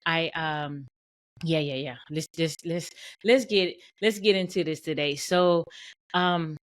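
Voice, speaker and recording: A woman's voice: low-pitched, slow pace. A woman hosting her own podcast as a boundaries coach, talking casually with many fillers, repeated phrases and "y'all", often laughing. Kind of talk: casual solo podcast monologue.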